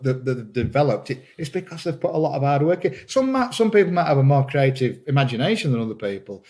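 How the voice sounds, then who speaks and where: A man talking as a podcast guest in casual conversation, enthusiastic and halting, often repeating words as he starts a thought. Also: a little high, darkish tone. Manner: enthusiastic, laughs while talking. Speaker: podcast guest, green woodworker.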